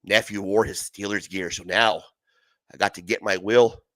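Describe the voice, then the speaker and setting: A man's voice: fairly low pitch, fairly even intonation, pushed and bright, no echo, voice pushed down. A man doing a wry older man's story voice. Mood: mock-serious. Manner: mock-serious, slow, reading aloud.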